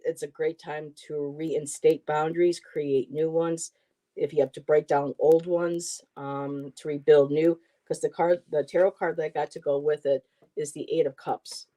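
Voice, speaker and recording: A woman co-hosting a livestream, chatting with viewers and reading tarot cards aloud with casual asides. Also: deep voice. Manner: chatty, warm-hearted, reads card text aloud with asides. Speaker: tarot reader and livestream co-host.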